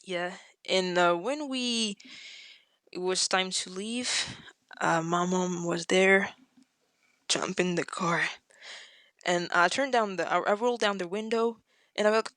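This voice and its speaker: A woman, a podcast guest, tells a story in a casual chat and acts out the quotes with sudden leaps in pitch. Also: slow, long pauses, a bit bright, dry recording, clean studio sound.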